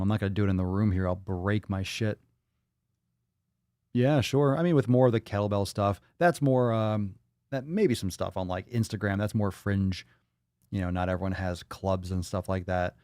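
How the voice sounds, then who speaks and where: A man's voice: fairly low pitch, moderate pace, a little mellow, dry recording, clean studio sound. A man hosting a fitness podcast, chatting crudely and joking as he reads out comments from home. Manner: profane, laughing, jokey. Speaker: podcast host. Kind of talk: crude casual chat reading viewer comments. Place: small room at home.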